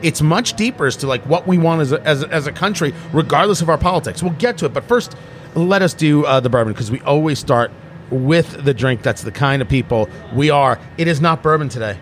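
A man's voice: a little high, lively intonation, brisk, slight background noise. A middle-aged man hosting a casual tasting chat, rambling and restarting his sentences with a joking tone. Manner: rambling, self-interrupting, jokey. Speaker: podcast host.

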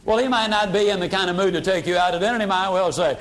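An older man delivers a sales seminar. His voice sits high for a man, and he acts out customers and family members, dropping low and quiet for emphasis. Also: very fast. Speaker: sales trainer. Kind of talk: motivational sales seminar talk.

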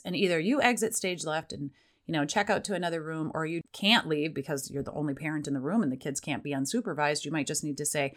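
A woman's voice: low-pitched, steady tone, fast. A woman hosting a parenting podcast, chatting casually and acting out parent lines in a raised voice. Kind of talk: casual solo podcast talk.

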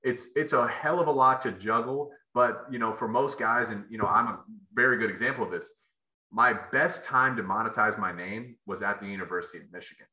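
Bright-voiced man telling stories in an echoey room. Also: lowish voice, brisk. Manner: rambling, full of fillers and restarts. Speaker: podcast guest, former football player. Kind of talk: casual storytelling interview.

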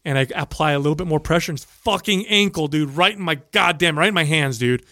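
Fast, bright-voiced man telling a story. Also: fairly high pitch, no room sound, clean studio sound. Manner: animated, profane, acts out the voices in his story. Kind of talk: casual storytelling.

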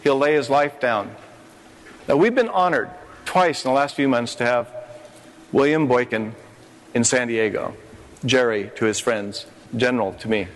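A man's voice: mid-range voice, moderate pace, long pauses. Older man preaching in an echoey hall. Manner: impassioned preaching with rising emphatic phrases. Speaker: pastor. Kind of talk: sermon on a conference stage. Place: conference hall stage. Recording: long hall reverb.

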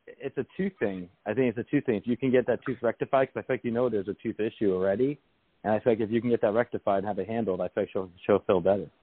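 A man hosting a call-in psychic show, giving readings in a quick, reassuring way and repeating his phrases. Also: fairly low pitch, slightly rough, no room sound. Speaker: psychic radio host. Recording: tinny phone line.

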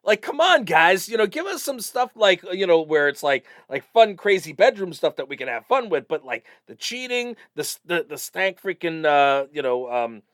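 A middle-aged East Coast American man co-hosting a podcast, rambling and animated with lots of "you know" fillers. His voice sits a bit high and swoops up and down expressively. The recording is dry and close. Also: moderate pace, few pauses, no echo. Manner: rambling, animated, swears casually. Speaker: podcast co-host. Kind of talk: casual chat.

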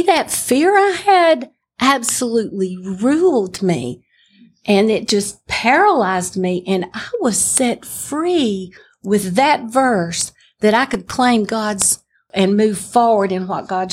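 An older woman sharing a personal faith testimony in an earnest, emphatic storytelling way. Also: mid-range voice. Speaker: testimony speaker.

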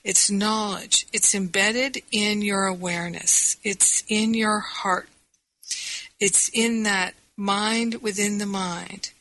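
A woman's voice: mid-range voice, steady tone, slow, pushed and bright, dry recording, poor audio. A woman hosting a podcast as a spiritual teacher, talking in a reflective, meandering, earnest way.

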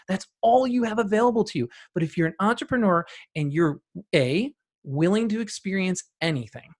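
A man guest on a podcast, telling stories from running a practice with emphatic repetition and loud rising bursts. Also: high-pitched. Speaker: guest, practice owner and CEO. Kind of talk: podcast interview storytelling.

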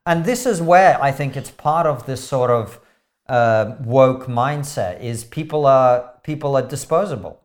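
A man, a podcast guest, talking earnestly in casual chat, halting and restarting his sentences. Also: medium pitch, lively intonation.

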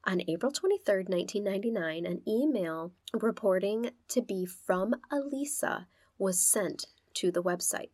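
A woman's voice: mid-range voice, expressive, normal speed, darkish tone, no room sound, clean studio sound. A woman co-hosting a podcast, telling a true-crime story in a casual, chatty way with sarcastic asides.

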